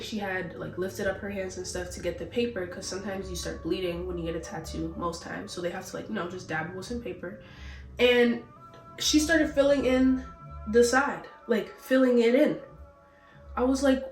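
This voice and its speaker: A woman's voice: lowish voice, far from the mic. A young woman vlogs in a loose, casual way, cursing freely and acting out both sides of old arguments. She sounds a little sick and short of breath. Her voice is a bit off-mic in a roomy space, with faint music behind her. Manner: animated, profane, acts out both sides of arguments. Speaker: vlogger. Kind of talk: casual storytelling vlog.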